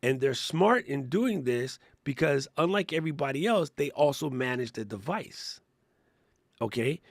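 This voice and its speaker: Middle-aged guy with a gravelly voice, laughing a lot, walking you through tech stuff on a podcast, dry close sound. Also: medium pitch, normal speed, no echo. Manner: animated, laughing, explains step by step. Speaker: podcast co-host. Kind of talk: casual tech and creator chat.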